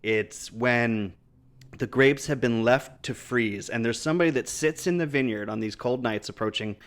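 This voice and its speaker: A man's voice: medium pitch, normal speed, clean tone. A man in his thirties, podcast co-host, chatting casually and explaining wines knowledgeably, often laughing. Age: 30s. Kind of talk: casual chat.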